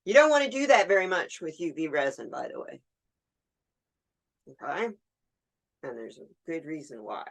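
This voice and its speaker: A woman's voice: low-pitched, expressive, moderate pace, gravelly, pauses often. A woman hosting a resin art tutorial, chatting casually and talking to herself as she works. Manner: chatty, talks to herself while working, laughs easily. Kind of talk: casual hands-on demonstration.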